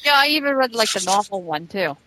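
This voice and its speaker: A woman's voice: mid-range voice, animated, fast talker, pushed and bright, a little hiss or hum. A woman in a casual group chat, rambling a little about her day.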